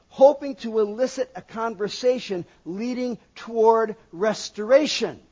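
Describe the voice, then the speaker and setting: A man preaching a sermon in an animated way, acting out quoted voices and asking the congregation questions. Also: extremely high pitch. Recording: dull lo-fi recording.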